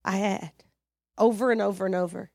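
A woman preaching a sermon, animated and exhorting, acting out her own prayers and conversations with sudden loud rises. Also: medium pitch, brisk, creaky, no echo, clean studio sound.

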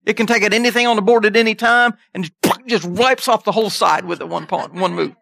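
Preacher guy voicing god, calm and amused and playful, bright sharp voice, dry close sound. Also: high-pitched, fast, vocal fry, no echo, heavily acted.

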